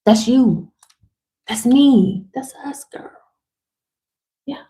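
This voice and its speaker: A woman's voice: a little high, drawn-out words, warm tone. Fired-up, slangy woman giving a pep talk. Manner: fired-up, emphatic, swears casually; slangy, chatty, speaks straight to women viewers. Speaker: motivational speaker. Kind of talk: casual livestream pep talk.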